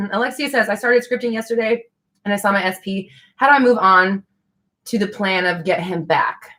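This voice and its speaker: A woman's voice: medium pitch, normal speed, fairly bright tone. A young woman hosting a casual live stream, answering viewer questions in a chatty, frank way with casual swearing.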